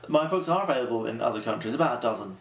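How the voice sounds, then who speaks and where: A man's voice: medium pitch, lively intonation, rapid-fire, reverberant, slight background noise. A man from London, an author, chatting playfully in an interview and laughing often. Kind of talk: casual conversational interview.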